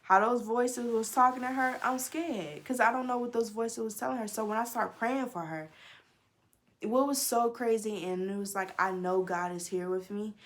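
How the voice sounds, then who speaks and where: A young woman vlogger telling a personal story to camera in a casual, animated way, swearing often and talking straight to her viewers. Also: a little high.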